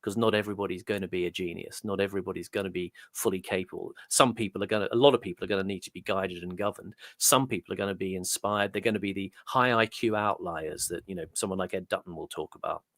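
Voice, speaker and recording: A man's voice: sits low, fairly even intonation, fast, few pauses, fairly bright tone, dry recording, clean studio sound. A man as a guest, musing at length in thoughtful, rambling commentary with hesitant restarts. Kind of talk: conversational commentary.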